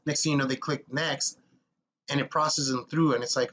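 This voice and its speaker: A young man giving blunt, energetic step-by-step advice as he walks viewers through an online job application. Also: mid-range voice, fairly quick, slight background noise. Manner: blunt, energetic, coach-like, addresses viewers as guys. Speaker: military contracting advice vlogger. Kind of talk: casual screen-walkthrough tutorial.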